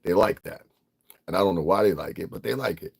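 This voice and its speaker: A man's voice: sits low, brisk, gravelly, darkish tone, husky. A middle-aged man from Connecticut, ranting bluntly and profanely in a casual livestream, laughing often. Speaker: vlogger.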